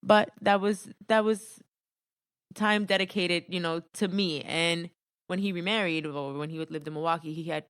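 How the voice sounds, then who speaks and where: A young adult woman, a podcast guest, telling a personal story in relaxed chat, laughing often. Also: fairly low pitch, moderate pace, smooth, no echo, studio quality. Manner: storytelling, laughs often, says "you know" a lot.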